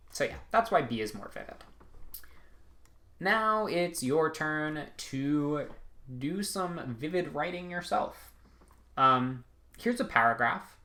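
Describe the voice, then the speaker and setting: A man's voice: on the high side, bright, forceful tone. A young man teaching a recorded writing lesson, casual and loose, with frequent ums and "right?" checks. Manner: casual, many ums and rights, restarts mid-sentence. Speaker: test prep instructor.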